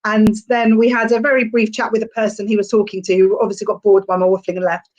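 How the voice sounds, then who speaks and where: A woman's voice: medium pitch, flat delivery, fast, darkish tone. A young adult woman, a stand-up comedian, chatting casually on a podcast in a rambling way with lots of fillers.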